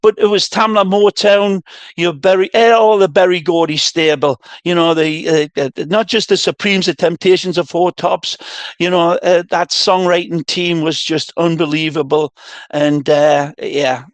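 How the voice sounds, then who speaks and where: Older Geordie man, high bright voice, lively storyteller, dry studio sound. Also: moderate pace, no room sound. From Northeast England. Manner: animated storyteller, lots of restarts. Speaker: guest, retired soccer commentator. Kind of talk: casual chat.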